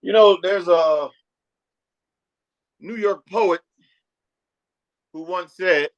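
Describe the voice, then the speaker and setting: A man speaking as a guest in a casual online panel chat, in a measured, reflective way. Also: high voice, muffled recording.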